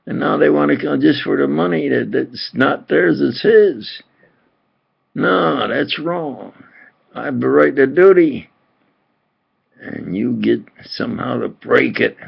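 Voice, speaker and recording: Man, slow husky gravelly talker, rambling agitated monologue, dull lo-fi home video sound. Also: medium pitch, lively intonation.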